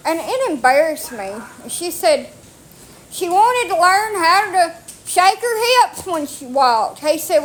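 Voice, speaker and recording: Slow-drawling blunt woman. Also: very high-pitched, sing-song, fairly bright tone, a little hiss or hum. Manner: blunt, salty, self-mocking, drawling. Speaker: storyteller vlogger. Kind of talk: casual storytelling. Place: outdoors on rural property with dogs.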